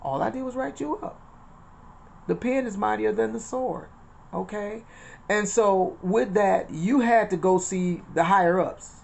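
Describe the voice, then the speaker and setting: Gravelly woman giving chatty spiritual talk. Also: medium pitch, measured pace, a little hiss or hum. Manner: chatty, repeats phrases, quotes scripture and retells conversations. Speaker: inspirational channel host. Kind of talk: casual spiritual talk with storytelling.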